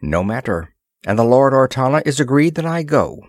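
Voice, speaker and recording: A man voicing a young alien princess who speaks simply and calmly. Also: mid-range voice, normal speed, no room sound, clean studio sound, pitched above the performer's own voice, natural voice. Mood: serene. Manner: simple, composed. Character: young noble alien princess, calm, devoted.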